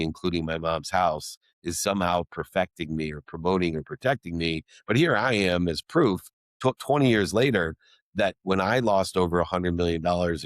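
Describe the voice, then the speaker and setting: A man's voice: low-pitched, no echo, studio quality. A middle-aged man, a guest in an interview, telling a personal story in an earnest, emphatic way with alliterative phrasing.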